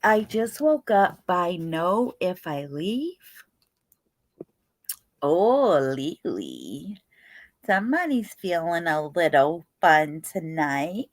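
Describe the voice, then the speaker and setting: A tired young woman hosts a casual livestream, yawning as she greets viewers by name. Her voice is on the low side and sing-song, chatty and unhurried, with no echo.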